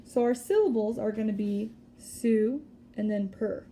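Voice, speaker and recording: A woman teacher giving a recorded spelling lesson, patiently explaining step by step and sounding out words slowly. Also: fairly high pitch, dark tone, slight background noise. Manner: slow deliberate word-by-word sounding out.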